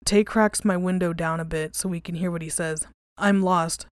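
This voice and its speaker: A woman hosting a podcast, reading creepy stories aloud and then chatting casually, relaxed and conversational, with some swearing. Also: fairly low pitch, fairly quick, no echo, studio quality.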